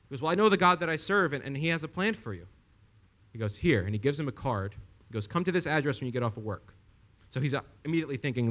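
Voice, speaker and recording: A young man preaching a sermon, telling a story with lively asides and rhetorical questions to the congregation. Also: mid-range voice, quick pace.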